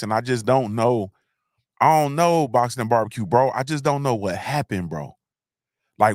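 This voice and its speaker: Studio-quality audio with no room sound captures a livestream host whose voice is mid-range. He wanders through a loose monologue, restarting frequently, repeating himself, and sprinkling in slang.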